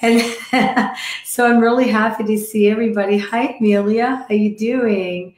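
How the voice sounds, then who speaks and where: A woman with a croaky, hoarse voice from croup, chatting casually with viewers on a live stream and greeting them by name. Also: on the high side, fairly even intonation, moderate pace, a little mellow, echoey room. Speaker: livestream host. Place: decorated home room.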